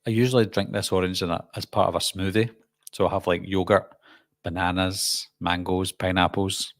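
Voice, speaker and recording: A middle-aged Glaswegian man talks through a live viewer Q&A in a relaxed, chatty way. His voice sits fairly low. The sound is dry and close, with no room around it. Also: moderate pace, no echo. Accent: Glaswegian Scottish. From Scotland. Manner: chatty, reads out viewer comments and answers them. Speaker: host. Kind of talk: casual live-stream Q&A.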